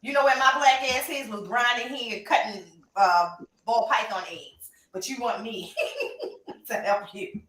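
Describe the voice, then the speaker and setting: A woman's voice: a little high, a little slow, a bit bright. A woman co-hosting a podcast, talking emphatically and animatedly with laughs. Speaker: podcast co-host and reptile breeder. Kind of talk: casual chat. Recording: roomy, distant from the mic.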